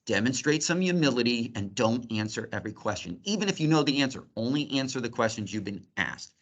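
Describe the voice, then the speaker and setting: A middle-aged male physician giving a grand rounds lecture to trainees, explaining points in a lively, joking teaching tone. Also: mid-range voice, a little fast.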